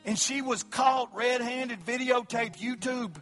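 A man preaching an evangelistic sermon at a church service, his delivery swinging from hushed pleading to loud shouting. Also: extremely high pitch, fairly even intonation, unhurried, soft background music. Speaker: pastor.

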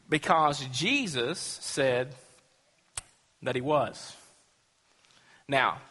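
A man's voice: on the high side, bright, forceful tone, long reverb tail. A man preaching a sermon in an earnest, emphatic manner, asking rhetorical questions and acting out quotes. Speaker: pastor.

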